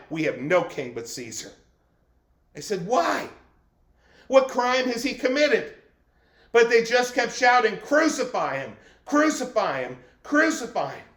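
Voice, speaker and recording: A man's voice: high-pitched, fairly bright tone. A man playing a fearful Roman governor, voicing an anguished inner monologue in a dramatic first-person portrayal. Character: anxious male Roman governor, torn and fearful. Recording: echoey room.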